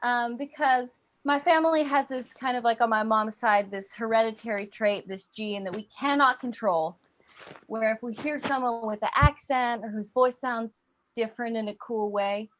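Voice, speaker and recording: A young woman performs stand-up online with a slightly high voice and a playful, storytelling manner. She drifts into silly accents as she riffs, heard through a video-call mic. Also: moderate pace, a bit bright. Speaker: stand-up comedian. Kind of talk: stand-up set. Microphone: computer mic on a video call.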